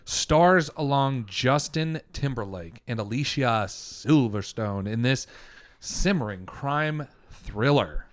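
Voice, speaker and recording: A man co-hosting a casual podcast chats animatedly about a movie, swearing freely and retelling jokes in little voices. His medium-pitched voice has lively intonation and a slow pace, with no room sound.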